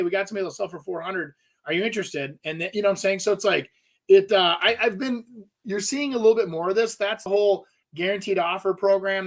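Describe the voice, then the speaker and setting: A middle-aged man co-hosting a real estate radio show, chatting casually and rambling with many restarts. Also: high-pitched. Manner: rambling, restarts, lots of fillers. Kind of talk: casual talk radio chat.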